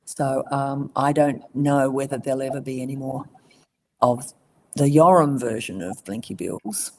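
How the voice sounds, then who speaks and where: An Australian voice actress in a casual interview, telling stories with ready laughter and plenty of ums and restarts. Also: female voice, extremely low pitch, measured pace, slight background noise. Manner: warm storytelling, laughs easily, many ums and restarts. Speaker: voice actress guest.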